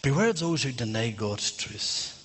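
Fervent preacher with a bright, husky voice. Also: male voice, mid-range voice, expressive, moderate pace. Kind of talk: sermon. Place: church.

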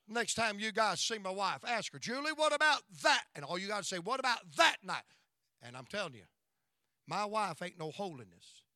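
A man's voice: sits high, sharp tone, dry recording, clean studio sound. A middle-aged male pastor telling stories in a sermon, emphatic and folksy, often breaking into praise. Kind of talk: storytelling sermon.

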